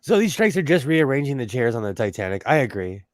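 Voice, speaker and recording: A man with a Southern California accent hosting a casual sewing livestream, talking in a chatty, animated way. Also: medium pitch, fast talker, no echo, studio quality. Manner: chatty, animated storytelling with laughs.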